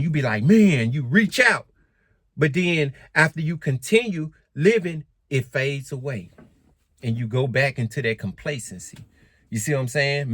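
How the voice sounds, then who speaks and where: A man vlogging casually to camera in African American Vernacular English, animated and emphatic, often repeating himself. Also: mid-range voice, no echo. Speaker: credit and finance vlogger.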